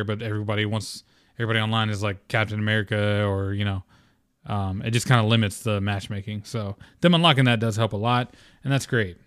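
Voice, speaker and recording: A man hosts his own podcast, talking off the cuff in a slightly low voice. He rambles, leans on "um" and "like," and swears casually. The close mic gives a dry, roomless sound. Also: clear, resonant tone, no room sound. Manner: rambling, profane, filler-heavy. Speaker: podcast host. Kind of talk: casual solo podcast talk.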